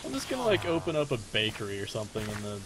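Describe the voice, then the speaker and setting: A man's voice: fairly low pitch, racing, low-quality recording. A young man chatting casually and rambling while playing a video game with a friend, often yelping. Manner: animated, rambling, yelps and exclamations. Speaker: gaming host. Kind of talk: casual gameplay commentary. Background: background music.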